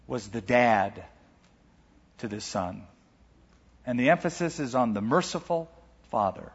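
A man's voice: a little high, fairly bright tone, breathy edge. A male pastor preaching a sermon in an earnest, emphatic way in a church auditorium. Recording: echoey hall, dull lo-fi sound.

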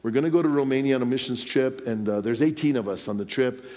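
A man preaching a sermon in a church, telling a personal story in a lively way and chuckling now and then. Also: medium pitch, fast talker. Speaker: pastor. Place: church sanctuary. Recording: long hall reverb.

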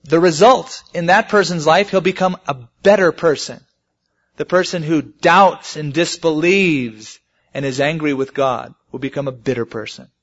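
A man's voice: a little high, normal speed, fairly bright tone. A man preaching a sermon, telling stories and rising emphatically on the key points. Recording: muffled lo-fi sermon recording.

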